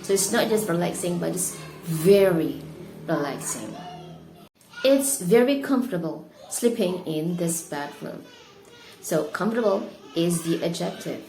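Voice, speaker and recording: A woman's voice: lowish voice, normal speed, gravelly, a little mellow, soft background music. A woman with an Indonesian accent teaching an English lesson, speaking carefully and stressing key words. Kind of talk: explanatory lesson. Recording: echoey room with faint noise.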